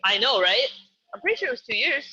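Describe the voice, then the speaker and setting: A man's voice: extremely high pitch, big pitch swings, quick pace, sharp tone, muffled recording. A man coaching a live online workout, calling out exercises and reps in an upbeat, joking way. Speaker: fitness coach.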